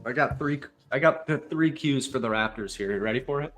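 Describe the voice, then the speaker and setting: A man co-hosting a casual sports chat who fires off rapid questions. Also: mid-range voice, a bit bright, faint music behind. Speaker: co-host.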